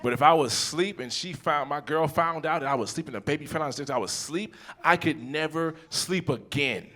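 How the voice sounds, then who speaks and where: A man's voice: on the high side, fairly quick. A man in his forties doing live stand-up, telling a profane family story and acting out the people in it. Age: 40s. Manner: animated, profane, acts out scenes in quoted voices. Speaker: stand-up comedian. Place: comedy theater stage.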